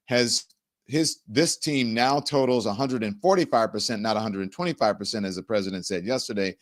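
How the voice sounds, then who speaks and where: A middle-aged man hosting a live-stream talk show, animated and sarcastic, often mimicking the people he talks about. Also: mid-range voice. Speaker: host.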